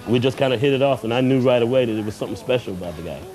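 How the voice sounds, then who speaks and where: A man's voice: mid-range voice, rapid-fire, a little mellow, faint music behind, rough recording. A man interviewed for a documentary, recalling a friend with admiration.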